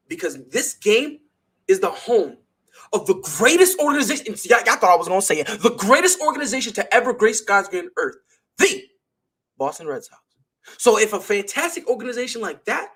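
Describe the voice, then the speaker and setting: Young man, sports talk host, lively high voice, slangy and emphatic monologue. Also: breathy edge. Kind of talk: animated sports opinion monologue.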